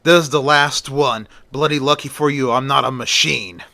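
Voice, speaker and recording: A rude, short-tempered middle-aged agent snaps and swears, as a man puts him on while telling the story. The voice is bright and forceful. The sound is close and dry. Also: mid-range voice, a little slow, dry recording. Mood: angry, curt. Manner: curt, cursing, bossy.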